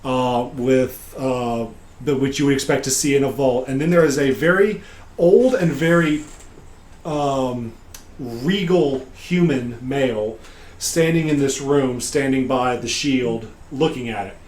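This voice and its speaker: A man recapping a tabletop game session as its game master, telling the story casually with frequent pauses and fillers. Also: medium pitch, a little mellow.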